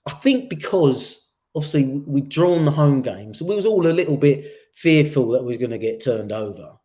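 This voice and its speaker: A man co-hosting a casual podcast. He talks earnestly and often repeats himself, with a steady stream of "yeah" and "sort of thing". His voice sits at a mid pitch. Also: moderate pace. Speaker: podcast co-host. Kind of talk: casual chat.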